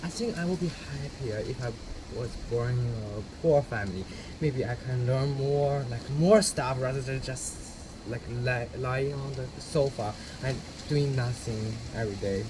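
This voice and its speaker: A man's voice: mid-range voice, normal speed. A man answering interview questions in a casual, emphatic way, often laughing between his points. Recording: steady background noise.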